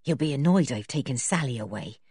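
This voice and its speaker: A woman voicing a kindly older woman who cooks for the household, in a lower, plain, homely voice. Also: expressive, brisk, darkish tone, husky, no echo, clean studio sound, exaggerated voice.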